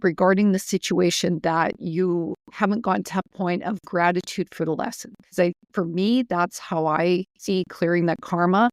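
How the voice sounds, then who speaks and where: Female co-host, lower voice, dry close sound; firm and direct, advising listeners. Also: darkish tone, dry recording. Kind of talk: casual spiritual podcast talk.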